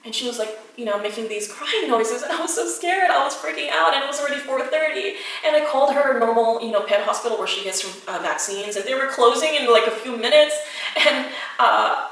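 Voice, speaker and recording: A woman's voice: a little high, animated, a little fast, fairly bright tone. A woman vlogger telling a storytime vlog in a chatty way, full of fillers. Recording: echoey room, distant mic, faint music.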